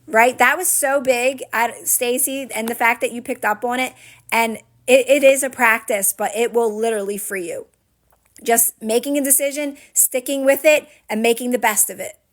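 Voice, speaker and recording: High-voiced encouraging woman coach. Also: steady tone, normal speed. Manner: earnest and encouraging, leans on "right?" and "guess what?". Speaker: manifestation coach. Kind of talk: live-stream talk answering viewers' comments.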